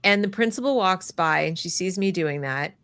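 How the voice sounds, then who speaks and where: A woman's voice: on the low side, moderate pace, clean tone. A woman hosting a podcast, telling a story in a casual conversational way, laughing often and acting out what others said. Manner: animated, laughs often, acts out quotes. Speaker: podcast host.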